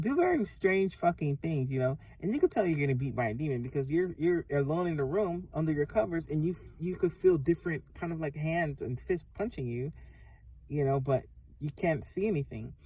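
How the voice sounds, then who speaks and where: A woman's voice: deep voice, mellow, husky. A woman giving a casual instructional monologue as a vlogger, rambling and profane, with many fillers and restarts. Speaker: spiritual vlogger.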